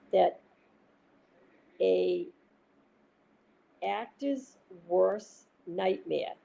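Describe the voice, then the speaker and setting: A woman's voice: fairly low pitch, gravelly, mellow, low-quality recording. A woman from Massachusetts with a Boston accent, chatting casually and rambling as she retells conversations with other people. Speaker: host. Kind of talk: casual chat with viewers.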